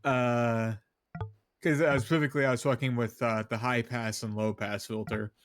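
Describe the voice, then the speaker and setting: A man's voice: mid-range voice, fairly even intonation, moderate pace, soft background music. A man chatting casually on a stream, rambling with lots of fillers and restarts. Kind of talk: casual chat.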